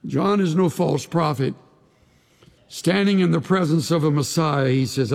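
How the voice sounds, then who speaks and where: A pastor preaching a sermon to his congregation, dramatic and emphatic, sometimes dropping to a hushed voice. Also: fairly high pitch, unhurried, gravelly. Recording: long reverb of a large hall.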